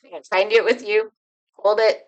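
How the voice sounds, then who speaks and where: A woman leading a slow, soothing guided healing exercise, speaking directly to viewers from home. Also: mid-range voice, steady tone, dull audio. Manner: slow, soothing, repetitive guidance. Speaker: healing coach.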